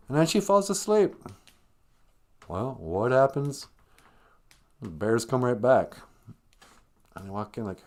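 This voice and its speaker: A man hosting a podcast who retells a story in a jokey, rambling way, drifting into humming and side comments. His voice is lively, swinging freely up and down in pitch. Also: slow pace, pauses often. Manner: rambling, jokey, sing-song asides. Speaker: podcast host. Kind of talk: comedic storytelling.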